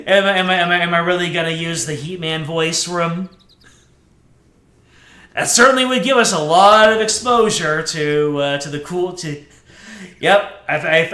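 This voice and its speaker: A man's voice: a little high, sharp tone. A male streamer giving casual let's play commentary, musing aloud and restarting his sentences. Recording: echoey room.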